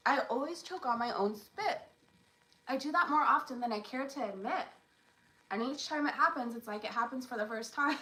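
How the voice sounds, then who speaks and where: A woman's voice: fairly high pitch, a bit bright, distant mic. Chatty echoey young woman live-streaming. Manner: chatty and rambling, addresses viewers by name. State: coughing after choking. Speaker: YouTube vlogger hosting a live stream. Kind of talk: casual chat with live chat viewers.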